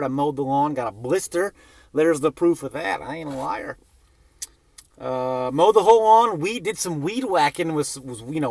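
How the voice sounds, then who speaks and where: A young man with a fairly high voice tells a rambling comic story, his pitch bouncing all over as he swears and mocks himself. The sound is dry and close, with no room around it. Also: dry recording. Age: young adult. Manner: profane, self-mocking, animated. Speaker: vlogger telling a personal story.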